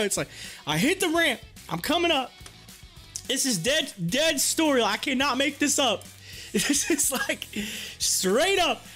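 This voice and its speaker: A livestream host with a very high, bright voice tells his chat a story in a casual way, laughing a lot and acting out what his friends said. He's animated, and soft music plays in the background. He comes from a rural area.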